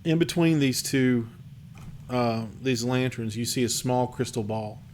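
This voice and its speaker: Slow-narrating man game master. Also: mid-range voice, darkish tone, a little hiss or hum. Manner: descriptive, slow, with fillers.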